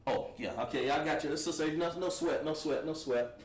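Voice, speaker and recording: A man teaching a Hebrew class at a board, patient and encouraging, repeating words slowly. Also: on the high side. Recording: echoey room, voice from far off.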